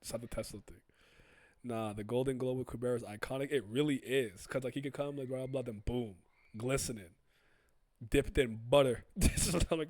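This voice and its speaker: A man casually chatting on a livestream, reviewing comic chapters, animated and laughing often. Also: medium pitch, brisk, dry recording. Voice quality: animated, laughs often, swings loud and soft. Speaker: streamer reviewing manga chapters.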